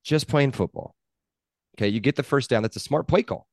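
A man's voice: mid-range voice, a little fast, dry recording. Emphatic man in a dry room. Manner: emphatic, repeats himself, argues points. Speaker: podcast co-host. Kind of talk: casual sports chat.

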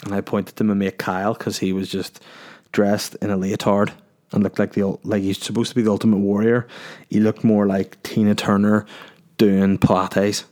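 A man's voice: fairly low pitch, little pitch movement, normal speed, a little mellow. A young man hosting a podcast, telling crude stories in a rambling, joking way. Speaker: podcast host. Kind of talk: casual storytelling.

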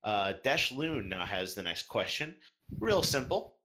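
A man's voice: lowish voice, lively intonation, a little slow, pushed and bright. A man hosting a podcast, reading listener questions aloud with upbeat, playful emphasis. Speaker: podcast host.

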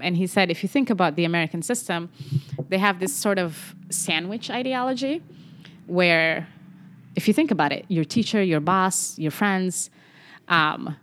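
Low-voiced animated young woman doctor. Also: moderate pace. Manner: animated, acts out quoted speech. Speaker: medical doctor guest. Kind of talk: casual podcast conversation.

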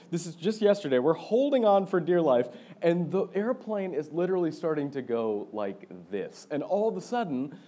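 A young man preaching a sermon, telling a lively story and laughing often as he talks. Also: medium pitch, slight background noise. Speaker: pastor.

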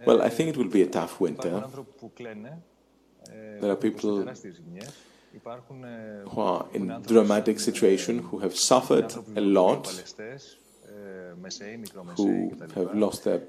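A man speaking in a live webcast panel discussion, halting and pausing often with fillers. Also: fairly low pitch, gravelly, a crowd in the background. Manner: halting, with many pauses and fillers.

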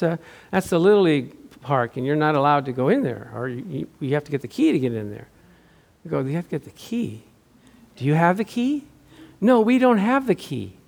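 A man's voice: high voice, gravelly. A man pastor giving a sermon, telling a chatty personal story and laughing often.

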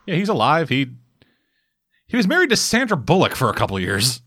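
A man's voice: a little high, wildly swooping pitch, a little fast, fairly bright tone, dry recording. A man chatting casually on a podcast, adding dry, matter-of-fact remarks. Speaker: podcast co-host. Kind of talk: casual chat.

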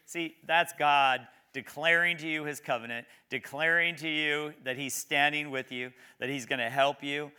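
A man preaching a sermon, reading scripture slowly and emphatically, then talking conversationally and asking the congregation questions. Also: a little high, steady tone, sharp tone, clean tone. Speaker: pastor.

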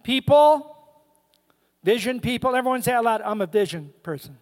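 A man's voice: very high-pitched, animated, moderate pace, long reverb tail. A man preaching a sermon as a guest speaker, humorous and emphatic, calling out to the congregation in a church. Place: church sanctuary.

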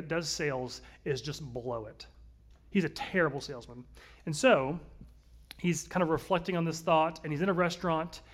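A man, likely in his thirties, preaching a conversational sermon, earnest, swinging between louder and softer passages. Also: on the high side. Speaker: pastor.

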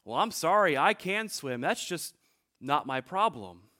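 Man voicing a stubborn old boatmaker from a storybook, calm and plain-spoken. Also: a little high, unhurried, full character voice.

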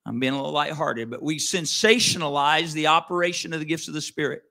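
Bright-voiced man preaching a story. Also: fairly high pitch, quick pace, vocal fry. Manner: earnest, conversational, with frequent restarts. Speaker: pastor. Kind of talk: sermon storytelling.

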